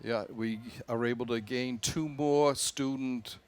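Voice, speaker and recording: A man with an everyday, mid-range voice calls play-by-play at a local high school football game. He tracks each down and yard line in a level tone. When a runner finds room, he quickly gets louder and higher. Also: fairly even intonation, clean tone. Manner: rises in pitch and volume on big plays. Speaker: play-by-play announcer. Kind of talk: play-by-play commentary.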